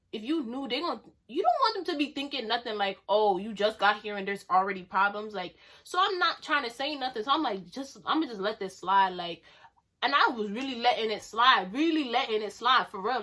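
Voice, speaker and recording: A young woman telling a storytime vlog story in a casual, slangy way, animated and quick to burst out laughing. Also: fairly high pitch. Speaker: vlogger.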